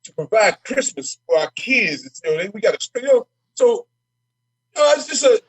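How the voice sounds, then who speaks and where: Brash, high-pitched man talking fast and fired up. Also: very animated, breathy edge, no room sound, poor audio. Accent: Minnesota. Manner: brash, impassioned, repeats words when fired up. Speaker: state representative guest. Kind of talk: casual podcast conversation.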